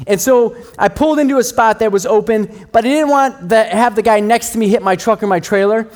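A man's voice: sits high, brisk, a little mellow. A middle-aged man preaching a sermon, telling stories about himself in a conversational, self-deprecating way. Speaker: pastor.

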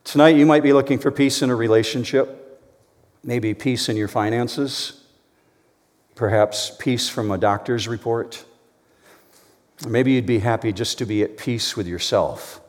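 Brief: male pastor, mid-pitched, earnest sermon voice, ringing church hall. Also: unhurried, long pauses. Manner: earnest, builds to emphatic storytelling. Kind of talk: sermon with prayer and joke. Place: church sanctuary. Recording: long reverb of a large hall.

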